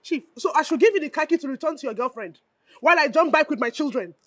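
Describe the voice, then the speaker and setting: An actress playing a wronged wife who answers her husband back with sharp, defiant retorts. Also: high-pitched, animated, fast talker, no room sound. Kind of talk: Nollywood film acting.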